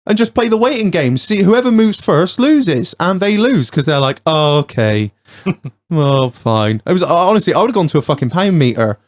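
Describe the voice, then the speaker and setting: A man's voice: high voice, animated, a little fast, no echo. A man hosting a podcast in casual chat, telling stories with lots of swearing. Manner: sweary storytelling. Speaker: podcast host.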